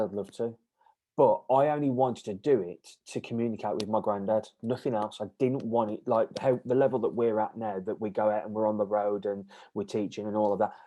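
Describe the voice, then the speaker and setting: A man's voice: fairly low pitch, mellow, low-quality recording. A man with an easygoing, rambling way of talking, telling a personal story as an interview guest, with plenty of fillers and restarts. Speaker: guest medium.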